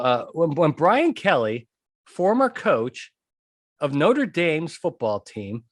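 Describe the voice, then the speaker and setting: A man speaks emphatically in a podcast monologue, hammering home his points through repetition. His voice is pitched slightly high and sounds dry, close and free of room echo. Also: a bit bright. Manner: emphatic, repeats key points, asks "okay?". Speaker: podcast host and trial consultant.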